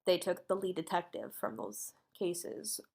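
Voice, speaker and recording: Woman with a bit of fry in her voice, chatty true crime storytelling, drops to a whisper for the creepy parts. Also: fairly low pitch, expressive, a little slow, a little mellow. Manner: acts out quotes, sometimes drops to a whisper. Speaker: podcast co-host telling a true crime story.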